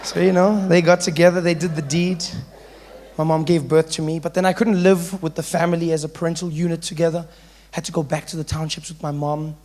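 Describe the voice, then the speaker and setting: A man's voice: on the high side, level tone, a little fast, darkish tone. A male stand-up comedian with a South African accent telling a playful story.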